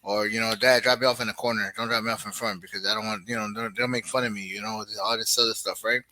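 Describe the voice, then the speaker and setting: A middle-aged man talks casually on a podcast, his voice bright and forceful, recorded close and dry with no room sound. He tells family stories with animation, slipping into the voices of his kids. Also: on the low side, fast talker, dry recording. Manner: animated storytelling, acts out family quotes. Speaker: podcast co-host. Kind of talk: casual chat.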